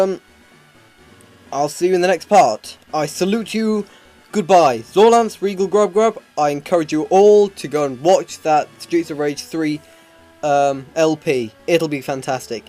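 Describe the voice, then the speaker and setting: Guy doing a let's play, kinda high voice, lots of ums, faint game music behind. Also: dark tone. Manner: rambling, hesitant, many ums and restarts. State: voice starting to hurt. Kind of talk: live off-the-cuff game commentary.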